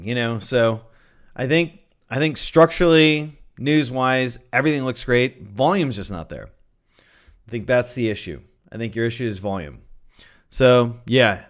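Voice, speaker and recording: Chatty man hosting a trading livestream. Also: medium pitch. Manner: chatty, thinks aloud, repeats phrases. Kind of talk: casual livestream market analysis.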